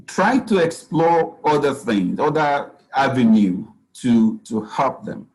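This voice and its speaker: A man's voice: mid-range voice, big pitch swings, slow, darkish tone, poor audio. A man, a physician speaking as guest at a parenting talk, giving earnest advice and often saying "you know.". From Nigeria.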